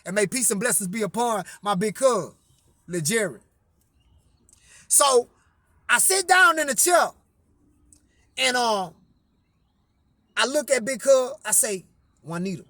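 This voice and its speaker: High-voiced man telling a story, profane. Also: expressive, measured pace, pauses often, pushed and bright, no room sound. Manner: repeats "I say" to frame quotes, emphatic.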